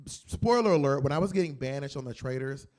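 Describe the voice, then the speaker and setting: A man doing stand-up comedy in a comedy club, brash, boastful and blunt, with sudden loud jumps. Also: medium pitch, expressive, quick pace. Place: comedy club in San Diego.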